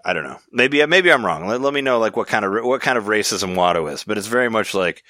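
A man's voice: lowish voice, expressive, fast, bright, forceful tone, no room sound, clean studio sound. A man hosting a podcast, chatting casually in a rambling way, with many restarts and easy laughs. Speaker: podcast host. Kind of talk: casual chat.

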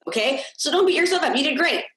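A woman's voice: high voice, lively intonation, fast talker, a bit bright. Upbeat woman coach on an echoey call. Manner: upbeat, encouraging, repeats key points, asks "okay?". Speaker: business coach. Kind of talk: live group coaching on a video call. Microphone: video call.

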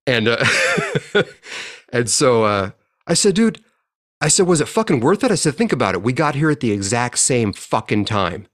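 A man in his forties telling a profane, animated story in a casual chat as a podcast co-host. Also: mid-range voice, brisk. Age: 40s.

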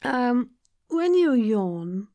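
A woman with a slightly high voice leads vocal warm-ups for voice actors, playful and encouraging as she demonstrates each exercise. The sound is close and dry, with no room around it. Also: very animated, drawn-out words, no echo. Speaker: voice acting coach.

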